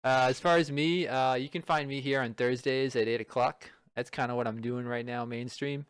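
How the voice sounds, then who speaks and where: A man's voice: mid-range voice, fairly even intonation, moderate pace, clear, resonant tone, dry recording. Dry-voiced joking male stream host. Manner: joking, stumbling restarts. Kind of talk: casual stream chat.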